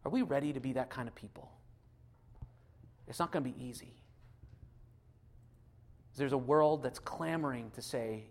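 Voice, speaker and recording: A man preaching a sermon, swinging from loud, driven passages to soft, hushed appeals. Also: medium pitch, normal speed, long pauses. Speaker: pastor.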